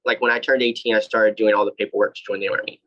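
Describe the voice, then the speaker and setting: On a podcast, a man in his twenties races through a frank account of his own experiences, swearing openly and restarting often amid lots of fillers. His fairly low voice is flat yet somewhat bright in tone, recorded lo-fi with no room sound.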